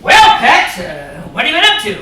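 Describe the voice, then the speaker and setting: A man voicing a fond, easygoing middle-aged father in a one-man stage reading, gently teasing. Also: extremely high pitch, huge pitch swings, normal speed, slight background noise, exaggerated voice. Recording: echoey theater from a distant mic.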